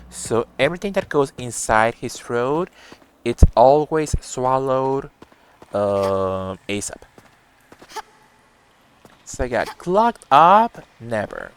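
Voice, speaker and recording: During a casual gaming live stream, a man with a medium-pitched, clean-toned voice reads his viewers' messages out loud. He chats with them and answers as he plays.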